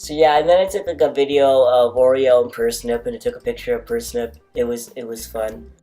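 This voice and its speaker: A man casually telling a rambling story, packed with "like" fillers, jumping into high squeaky voices to quote people and animals. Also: steady tone, fairly quick, mellow, faint music behind. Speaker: storytime vlogger.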